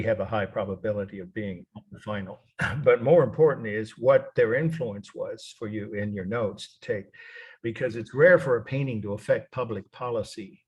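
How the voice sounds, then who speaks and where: A man's voice: fairly low pitch, breathy edge. A middle-aged man teaching a college art history lecture, rambling and correcting himself as he goes, spelling names out letter by letter.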